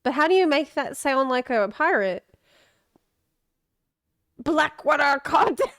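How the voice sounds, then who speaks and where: A woman's voice: high-pitched, animated, normal speed, no room sound, clean studio sound. A woman streamer reacting to a game preview with casual, joking commentary, interrupting the video often.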